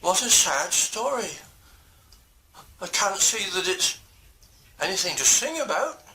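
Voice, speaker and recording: A man's voice: high voice, sing-song, a little slow, background noise, voice pushed up, heavily acted. A man doing a shy little blackbird. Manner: hesitant, stammering, giggly. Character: small curious young male blackbird.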